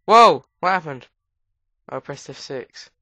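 A woman with a cold gives rambling casual commentary while playing a game, breaking into sudden high squeals. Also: a little slow, a bit bright, no room sound. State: has a cold. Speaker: gamer. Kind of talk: casual let's play commentary. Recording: dull lo-fi recording.

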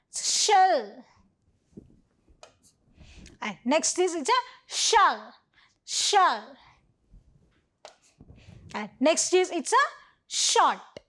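Slow, high-voiced teacher spelling for kids. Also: female voice, very animated, sharp tone. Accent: Indian English. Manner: spells words out letter by letter, slow and deliberate. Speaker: primary school teacher. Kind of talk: online phonics lesson for young children.

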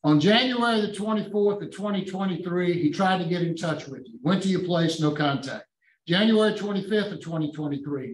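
A man on a parole board fires stern, pointed questions in a fairly high voice. He sits well back from the mic, and the room around him echoes. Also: distant mic. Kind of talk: hearing interrogation.

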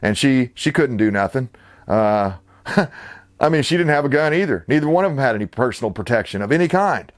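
A man's voice: mid-range voice, animated, a little fast. A man hosting his own channel, ranting with sarcastic, indignant, rambling commentary. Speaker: channel host.

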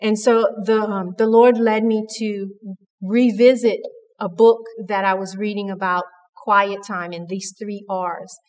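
A woman's voice: mid-range voice, fairly even intonation, a little slow, darkish tone, big-room sound. A woman giving an earnest, conversational devotional talk at church, with frequent restarts. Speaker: church speaker.

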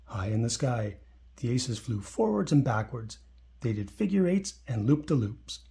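Expressive man reading a children's book. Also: mid-range voice, measured pace, creaky. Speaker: storybook reader.

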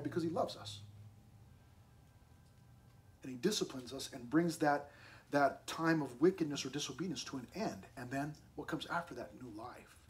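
A male pastor, preaching a sermon in a conversational, animated way with asides to the congregation. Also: fairly high pitch.

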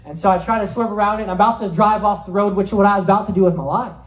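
A man preaching a sermon, telling a vivid dream story with animated delivery and then leading a prayer. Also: high-pitched, racing, echoey room, muffled recording. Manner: animated storytelling, acting out scenes, rising to shouts. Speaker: pastor.

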